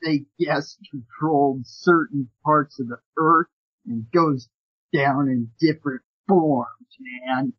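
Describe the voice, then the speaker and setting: A man's voice: fairly high pitch, slow, breathy edge, no echo. A man reading a fanfiction story aloud for laughs, mocking the text and swearing at it as he goes. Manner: mocking, swears and breaks off to joke about the text. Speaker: fanfiction reader. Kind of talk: comedic read-aloud with commentary. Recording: dull lo-fi dry recording.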